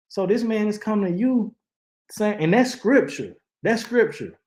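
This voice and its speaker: A man's voice: high-pitched, lively intonation, measured pace, darkish tone, echoey room. A man, hosting casual commentary, impassioned and preachy with many restarts. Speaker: channel host reacting to news. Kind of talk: casual commentary, live-stream style.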